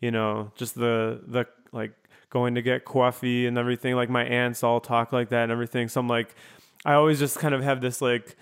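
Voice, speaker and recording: A man hosting a casual interview, talking in a relaxed, rambling way and laughing often. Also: medium pitch, fairly quick, clean tone. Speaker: podcast host.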